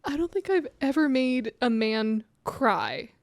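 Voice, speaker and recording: A woman's voice: high voice, lively intonation, a little slow, no room sound, studio quality. A woman co-hosting a casual chat, chiming in with teasing, supportive quips. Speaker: co-host.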